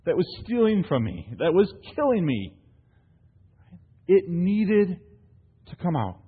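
A man's voice: sits high, very animated, takes it slowly, slightly rough. A man preaching a sermon to his congregation, posing rhetorical questions and telling stories with frequent "right?" tags. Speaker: pastor. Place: church hall. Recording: long hall reverb, thin phone-like sound.

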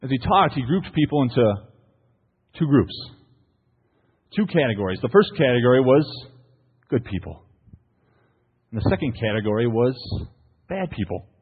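A man preaching to his church, playful and full of stories, his pitch rising and falling a lot. His voice is husky and sounds thin, like a phone line. A long echo hangs in the hall behind it. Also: animated, normal speed, long pauses. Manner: storytelling, playful, asks the congregation "right?". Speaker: pastor. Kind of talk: sermon.

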